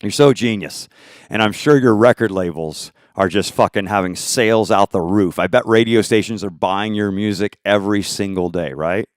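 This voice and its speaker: Angry ranting man, low voice. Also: moderate pace, few pauses, no room sound, studio quality. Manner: heated, profane, swings between shouting and muttering. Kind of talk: angry unscripted rant.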